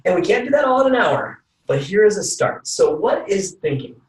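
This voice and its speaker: A man giving an energetic motivational coaching talk, repeating phrases for emphasis. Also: high-pitched, moderate pace, echoey room, recorded from a distance. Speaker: team call speaker.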